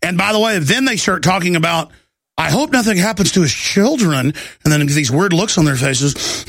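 Gravelly, combative talk radio host. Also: male voice, high voice, lively intonation, moderate pace, no room sound, clean studio sound. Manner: loud, combative, mocking impressions of opponents. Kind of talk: heated political talk radio monologue.

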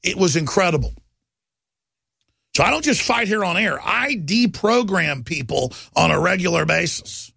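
Gravelly bright-voiced radio talk host. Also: male voice, very animated, moderate pace, dry recording, clean studio sound. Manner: impassioned, rambling, swings between loud and low. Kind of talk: fiery talk radio monologue.

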